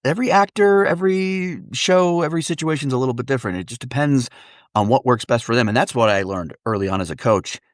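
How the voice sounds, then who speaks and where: Lively male dialect coach from Wisconsin, comic raconteur, medium voice. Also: medium pitch, quick pace, dry recording, clean studio sound. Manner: animated, comic storyteller, fond of voices. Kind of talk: casual interview storytelling.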